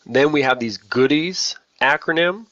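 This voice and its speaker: A man's voice: a little high, a little slow, a bit bright, dry recording, lo-fi sound. A man training new lacrosse officials in a casual, self-deprecating way, often repeating key points. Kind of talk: casual online training talk.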